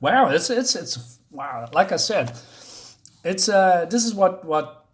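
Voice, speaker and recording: A man casually reviewing a comic book, paging through it while pausing often to search for words. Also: high voice, expressive. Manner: halting, searches for words, many fillers.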